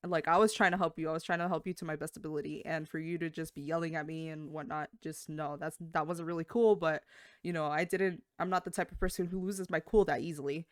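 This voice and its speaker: A woman co-hosting a podcast, chatting casually and bouncing into high voices whenever she quotes someone. Her voice is smooth and clear, recorded dry and close to the mic. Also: fast, dry recording. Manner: animated, acts out quotes with big pitch jumps, lots of fillers. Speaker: podcast co-host. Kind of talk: casual storytelling chat.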